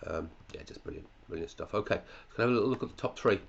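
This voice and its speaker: Male podcast host, deep and gravelly, chatty with muttered asides. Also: fast talker, highs cut off. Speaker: fantasy football podcast host. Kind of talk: casual chat reviewing listeners' teams.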